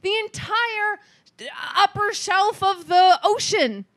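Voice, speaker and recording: A woman's voice: very high-pitched, takes it slowly, fairly bright tone, no room sound. A woman co-hosting a casual movie review chat, blunt and exasperated in her complaints. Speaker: podcast co-host.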